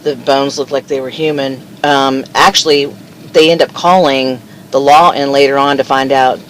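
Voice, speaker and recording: A woman being interviewed, telling a story from her youth in a halting way full of fillers. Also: rumbling low, fairly even intonation, slight background noise, low-quality recording. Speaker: interview guest. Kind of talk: casual storytelling.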